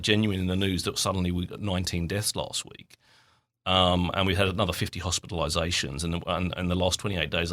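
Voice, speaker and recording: A man's voice: low voice, fairly bright tone. A man with an Essex and London accent, hosting a radio show in a chatty, rambling way with many restarts. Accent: Essex and London English. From England. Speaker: radio host. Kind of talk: casual chat.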